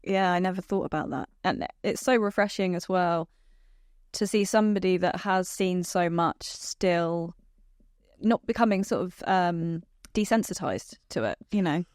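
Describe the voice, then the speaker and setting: A woman's voice: lowish voice, unhurried, darkish tone, no room sound, clean studio sound. A woman hosting a podcast interview, listening closely and offering reflective remarks. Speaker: podcast host. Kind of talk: conversational interview.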